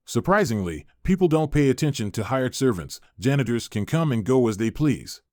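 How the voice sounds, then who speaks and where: A man's voice: mid-range voice, big pitch swings, normal speed, darkish tone, no room sound. Man reading a story, dry and close. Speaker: narrator. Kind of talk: scripted first-person story narration.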